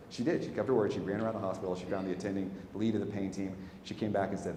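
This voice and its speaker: A man giving a public talk, telling a candid personal story with wry asides and animated bursts. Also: sits low, racing, few pauses, a little hiss or hum. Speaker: speaker. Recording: echoey hall, faint ambience.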